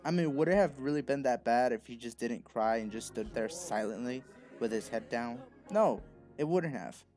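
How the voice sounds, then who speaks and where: A man's voice: mid-range voice, animated, normal speed, darkish tone, faint music behind. A man delivering an opinionated commentary monologue, talking bluntly and lecturing the viewer directly. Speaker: video essayist.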